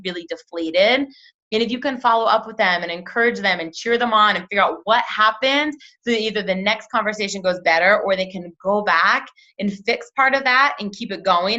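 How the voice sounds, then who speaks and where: Young woman team coach, bright forceful voice, chatty with lots of "like", muffled lo-fi recording. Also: mid-range voice. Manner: chatty, lots of "like", acts out quotes in lively voices. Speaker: team leader training a sales team. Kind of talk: casual coaching talk. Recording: dull lo-fi sound.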